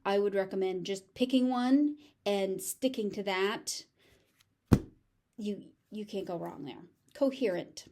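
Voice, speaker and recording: A woman's voice: medium pitch, slow pace, darkish tone. A woman with a General American accent teaching English pronunciation, patiently repeating each word several times with careful stress. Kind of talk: pronunciation lesson, repeating words slowly.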